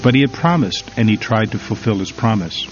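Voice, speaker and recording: A man's voice: fairly low pitch, lively intonation, brisk. Solemn male devotional reader. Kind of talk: slow devotional reading. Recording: slightly dull recording over faint music.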